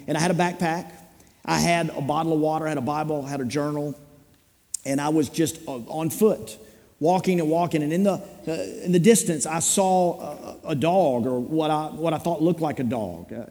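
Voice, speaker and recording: A man preaching a sermon in a church, his voice mellow and a little higher than most men's. He tells stories in a rambling, self-deprecating, humorous way. The sound carries a long reverb of a large hall. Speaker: pastor. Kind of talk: sermon with storytelling.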